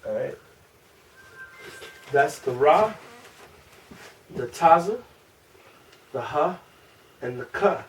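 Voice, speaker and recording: A man with a Chicago accent teaching a small group class, asking questions and slowly repeating syllables. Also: on the high side, expressive. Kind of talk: informal group language lesson. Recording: distant room mic with faint noise.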